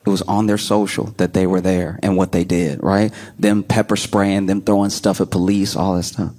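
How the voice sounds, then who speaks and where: A man performing a stand-up comedy set, telling stories animatedly and slipping into quick voices. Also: fairly low pitch, warm tone.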